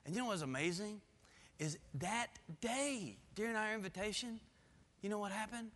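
A male pastor preaching a sermon, telling stories with animated emphasis and laughter. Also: sits high, moderate pace, long reverb tail.

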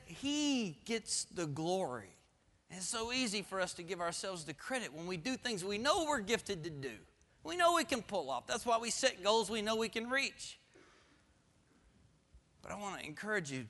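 Guy preaching a sermon, high bright voice, lively storytelling, echoey hall. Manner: animated storytelling, laughs and builds emphasis. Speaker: pastor.

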